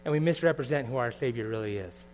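A middle-aged man preaching a sermon as pastor, earnest and confessional, moving from quiet reflection to loud bursts. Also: mid-range voice, fast, a little hiss or hum.

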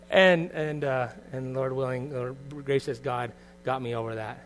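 At normal speed and with hardly any pauses, a middle-aged pastor gives a sermon in a medium-pitched voice. His tone is earnest and confessional, rising from quiet reflection into sudden loud bursts.

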